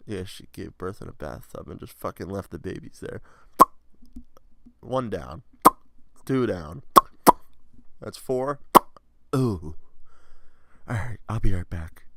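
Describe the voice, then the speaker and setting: A man's voice: deep voice, animated, slow, creaky, pauses often, a little mellow, no room sound. A man hosting a podcast, riffing on news stories with profane, sarcastic asides. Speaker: podcast host. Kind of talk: casual comedic news riffing.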